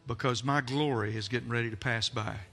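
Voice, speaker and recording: A man voicing God, speaking in a calm, steady, commanding way. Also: medium pitch, a little fast, voice pushed down.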